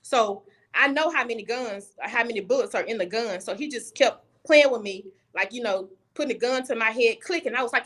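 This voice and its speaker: A woman's voice: fairly high pitch, a little fast, a bit bright. A young woman guest on a video call, telling a personal story candidly and bluntly, often restarting her sentences.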